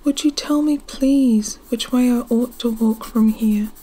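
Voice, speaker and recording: A woman reading as a timid, polite young girl. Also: measured pace. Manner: soft, half-whispered, raised pitch. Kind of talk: storybook reading.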